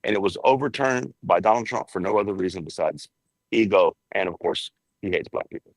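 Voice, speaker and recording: A man's voice: low voice, animated, brisk, no echo, rough recording. Blunt man correspondent, dry sound. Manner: blunt, emphatic. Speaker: Washington correspondent. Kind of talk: blunt political commentary.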